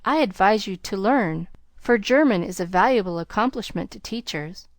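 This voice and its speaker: A woman's voice: lowish voice, lively intonation, moderate pace, no echo, studio quality, lightly acted. A woman reading the lines of a haughty young English lady in an audiobook, with a condescending, aloof manner.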